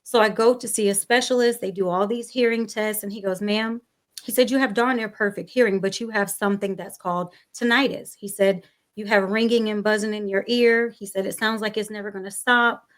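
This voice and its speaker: A woman's voice: mid-range voice, fairly quick. Woman telling her story, acting out voices. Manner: animated storyteller, acts out dialogue. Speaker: panel guest. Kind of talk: personal story on a talk show panel.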